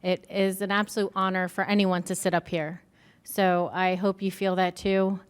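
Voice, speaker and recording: A woman serving as county vice mayor, giving brief formal remarks in a soft-spoken, measured way with frequent ums. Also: fairly low pitch, flat delivery, clear, resonant tone. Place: county commission chamber.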